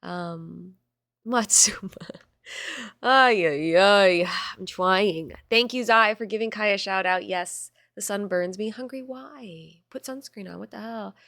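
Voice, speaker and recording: A woman's voice: medium pitch, measured pace, gravelly, hardly any pauses, bright, forceful tone, no room sound, studio quality. A young woman streamer chatting casually and reading chat aloud, bubbly and swearing freely.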